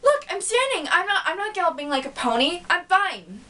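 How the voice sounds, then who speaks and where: A woman's voice: extremely high pitch, big pitch swings, fairly quick, pushed and bright, voice pushed up, heavily acted. A woman voicing a flustered, bookish female pony princess who is new to being human.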